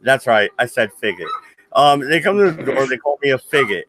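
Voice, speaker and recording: A man's voice: medium pitch, animated, a little fast, background noise. A man in casual online chat, joking crudely and laughing between lines.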